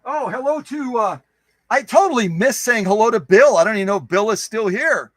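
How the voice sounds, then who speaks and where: A man's voice: sits high, expressive, a little fast, a bit bright, no room sound, low-quality recording. A man hosting a live stream who chats casually with viewers, greeting them by name in a playful, goofy way and repeating phrases for fun.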